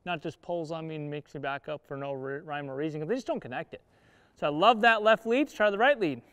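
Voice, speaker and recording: Cowboy trainer guy talking from the saddle, higher voice, smooth and clear, dry close sound. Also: fast talker, a bit bright, dry recording. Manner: talks while riding, coaching the horse and viewers; plain-spoken cowboy talk. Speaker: horse trainer. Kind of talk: instructional riding lesson. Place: outdoor riding arena.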